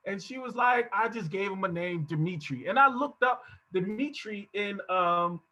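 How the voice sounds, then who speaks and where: A man's voice: high voice, expressive, moderate pace, sharp tone. A middle-aged man presenting at an online workshop, telling stories and acting out the people he quotes. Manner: storytelling, acts out quoted voices. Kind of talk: casual talk on online workshop. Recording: dull, lo-fi video call audio.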